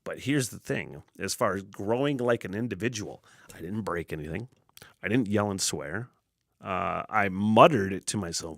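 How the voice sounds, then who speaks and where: A man's voice: lowish voice, normal speed, creaky, no room sound. A man hosting his own podcast, telling rambling stories full of swearing and chuckling at himself from a basement studio. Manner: profane, animated storytelling with self-laughs. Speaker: podcast host. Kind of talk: casual solo podcast rambling.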